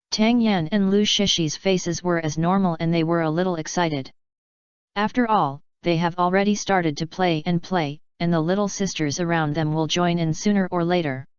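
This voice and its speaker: Smooth, clear woman narrating an audiobook. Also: on the low side, no room sound. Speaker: audiobook reader. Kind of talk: scripted narration. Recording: slightly dull lo-fi recording.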